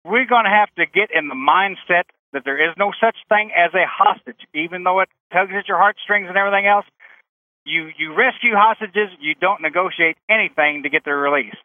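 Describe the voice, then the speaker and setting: A man's voice: high voice, fairly quick, dry recording. A man calling in to a radio talk show, blunt and opinionated, heard over a phone line. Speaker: caller.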